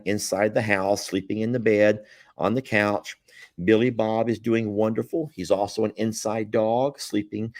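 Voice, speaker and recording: Man, southern American accent, very low voice, dry close sound, folksy live-stream chat, rambling and chuckling. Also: darkish tone, dry recording.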